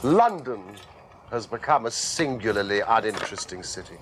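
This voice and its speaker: An actor playing a bored, lofty Victorian detective in a 1980s television drama, with crisp, theatrical delivery. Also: male voice, fairly low pitch, expressive, normal speed, a little hiss or hum, lightly acted. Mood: wry, languid.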